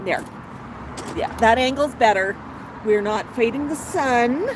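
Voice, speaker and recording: Seated on an outdoor patio, a woman hosts a laid-back livestream for her parrot channel, talking alternately to her pet bird and to her viewers. Her voice is on the high side and unhurried, and there's plenty of background noise.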